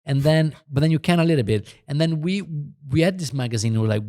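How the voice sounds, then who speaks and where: Man, mellow and rambling. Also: fairly high pitch, animated, fast talker, dry recording, studio quality. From Italy. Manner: rambling, hesitant, many restarts and fillers. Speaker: podcast guest, magazine co-founder. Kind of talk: casual chat.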